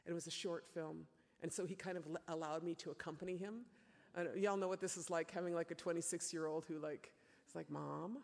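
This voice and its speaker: A middle-aged woman delivers an impassioned public speech in a gravelly voice. She often leans on "you know" as she talks. Her voice trails into the long reverb of a large hall. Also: lowish voice, steady tone, fast talker. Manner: impassioned, with many repeated "you know" fillers. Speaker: activist speaker.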